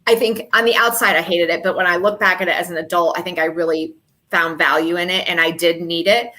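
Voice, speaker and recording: An American woman in her forties co-hosting a casual podcast, a chatty, animated storyteller. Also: lowish voice, quick pace. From United States. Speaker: podcast co-host.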